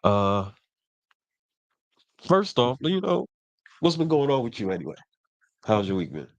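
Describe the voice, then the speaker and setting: A man's voice: medium pitch, huge pitch swings, a little slow, no room sound. Laid-back man hosting a casual podcast. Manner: laid-back, easygoing banter. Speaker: podcast co-host. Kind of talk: casual chat.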